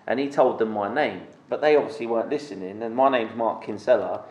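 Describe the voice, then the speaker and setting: Brief: male storyteller, mid-pitched, echoey room, lively anecdote. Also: fairly quick. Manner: animated storyteller acting out quoted dialogue. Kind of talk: casual storytelling chat.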